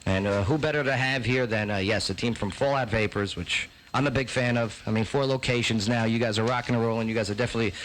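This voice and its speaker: A man hosting a talk show, joking loudly through clip reactions and reading a news story with many fillers. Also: mid-range voice, fast, hardly any pauses, a little hiss or hum, low-quality recording. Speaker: host. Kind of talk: casual chat, reacting to clips.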